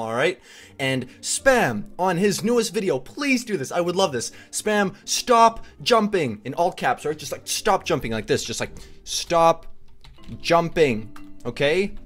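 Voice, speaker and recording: A young man hosting a gaming video, giving playful, excited commentary with a pleading tone. His voice jumps high whenever he gets worked up.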